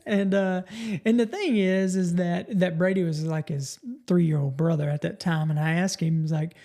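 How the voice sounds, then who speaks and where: A man's voice: high-pitched, fairly even intonation, moderate pace, dark tone. A middle-aged man, hosting a podcast and giving a folksy motivational talk, often restarting his words. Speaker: podcast host.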